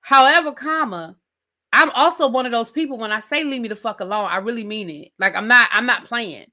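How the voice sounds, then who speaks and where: A woman's voice: fairly high pitch, fairly quick, sharp tone. A woman hosting a reality TV recap, ranting in a sassy, conversational way and talking straight to her viewers. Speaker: TV recap host. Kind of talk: animated reality TV rant.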